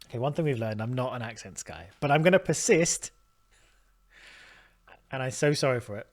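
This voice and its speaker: A man's voice: mid-range voice, animated, normal speed, pauses often. A man hosting a let's play, talking through the game in a chatty, self-deprecating way. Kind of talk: gameplay commentary.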